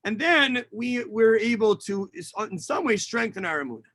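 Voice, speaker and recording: A man's voice: high-pitched, lively intonation, moderate pace, fairly bright tone, no room sound. A rabbi teaching an online lesson over a video call, explaining and translating Hebrew lines as he reads them, with many fillers. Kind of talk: online lesson on Tisha B'Av kinot. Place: home setup on a video call. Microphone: video call mic.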